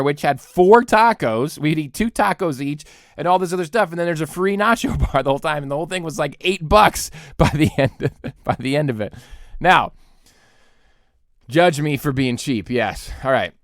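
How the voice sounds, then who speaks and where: A man hosting a podcast, giving an animated, joking rant and laughing often as he talks. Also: on the high side, no room sound, clean studio sound. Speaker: podcast host and pastor.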